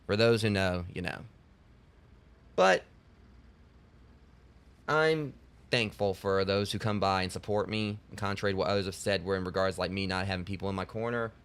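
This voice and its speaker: A male streamer talking casually to his live chat with a slightly low voice. He rambles and jokes loosely, with frequent restarts. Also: moderate pace, long pauses, fairly bright tone, clean tone.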